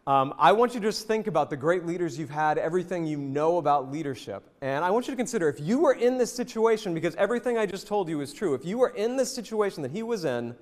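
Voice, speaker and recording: A man from the American South giving a jokey, animated leadership presentation and talking straight to the audience in a hotel event hall. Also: sits high, fast, few pauses. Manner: lively, jokey, addresses the audience directly. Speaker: leadership speaker. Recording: long reverb in a hotel hall.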